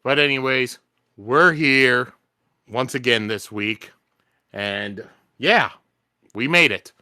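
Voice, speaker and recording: A man hosting a podcast in casual chat, relaxed and rambling, swearing freely. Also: mid-range voice, slow, clean tone, no echo, clean studio sound. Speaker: podcast host.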